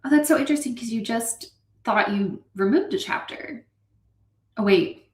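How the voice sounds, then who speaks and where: A woman hosting a casual stream, chatting animatedly and reading out viewer comments with quick asides. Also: on the high side. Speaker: streamer hosting a writing session. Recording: roomy echo.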